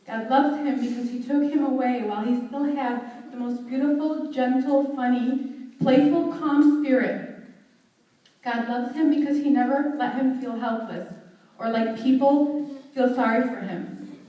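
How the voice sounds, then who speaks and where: A young woman delivering a heartfelt, measured eulogy at a memorial service, recorded from a distance in a large hall. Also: high-pitched, dull audio. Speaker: daughter giving a eulogy. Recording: very echoey hall, voice from far off.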